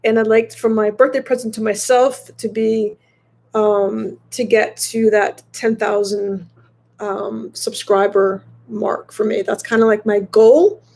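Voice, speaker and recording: A woman in her fifties chatting casually to viewers from a hotel room, rambling and halting with many fillers and restarts. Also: on the high side, little pitch movement, creaky, a little mellow. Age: 50s. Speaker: motorcycle vlogger.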